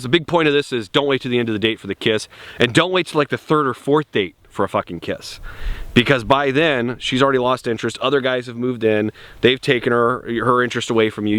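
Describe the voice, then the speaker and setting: A man's voice: fairly low pitch, fairly bright tone. A young man giving blunt, profane dating advice in a casual outdoor vlog. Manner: blunt and profane, laid-back. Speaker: dating coach.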